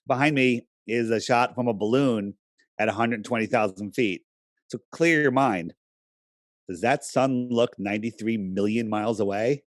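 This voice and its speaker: A man's voice: mid-range voice, normal speed, no room sound, studio quality. A man as a podcast guest, talking in a casual interview, emphatic and persuasive, often pressing his points with rhetorical questions.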